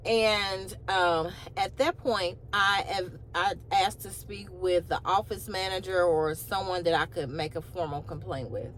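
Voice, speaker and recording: A woman's voice: fairly low pitch, measured pace, hardly any pauses, slight background noise. A woman vlogger casually telling a personal story, acting out the other side of a phone call with incredulous asides. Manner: animated retelling with rising, incredulous asides. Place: in a car.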